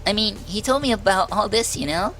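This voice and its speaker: A man's voice: sits high, brisk, bright, forceful tone, faint music behind, voice pushed up. A man doing a giggly, bold young woman athlete. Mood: playful.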